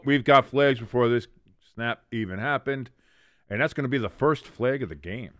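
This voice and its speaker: A man's voice: mid-range voice, no room sound. A man hosting a live watch-along stream, calling plays as commentary, reading chat comments, correcting himself and cracking jokes. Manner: jokey, self-correcting, reads chat aloud.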